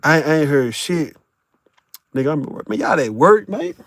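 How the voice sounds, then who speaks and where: A man's voice: on the high side, very animated, moderate pace, gravelly, no room sound, clean studio sound. A man live-streaming from his vehicle while driving for work, chatting loosely with viewers in a boisterous, profane way and laughing often. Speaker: live streamer talking to chat. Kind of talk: casual live-stream chat.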